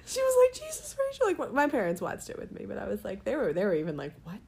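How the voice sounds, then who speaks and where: A young woman co-hosting a casual chat, talking in an animated, rambling way and laughing often. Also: mid-range voice, fast talker, vocal fry, a little hiss or hum. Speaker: podcast co-host. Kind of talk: casual chat about anime.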